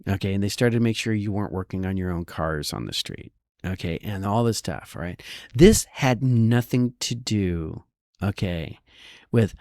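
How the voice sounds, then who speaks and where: Realtor guy w a lowish voice, sarcastic, keeps going "all right?", dry close sound. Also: normal speed, darkish tone, dry recording. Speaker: real estate broker. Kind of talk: casual market commentary.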